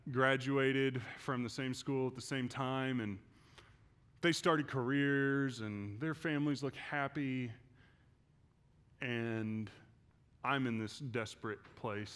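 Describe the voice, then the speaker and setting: A male pastor preaching in a church, telling a personal story and moving from hushed, quiet passages to loud, intense ones. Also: medium pitch, clear, resonant tone. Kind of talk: sermon.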